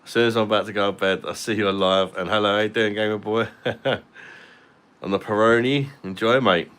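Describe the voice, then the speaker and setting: Laid-back low-voiced man. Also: fairly even intonation, fairly quick, a bit bright, clean tone. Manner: laid-back, chatty, reads out viewer comments. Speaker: streamer. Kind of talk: casual live-stream chat.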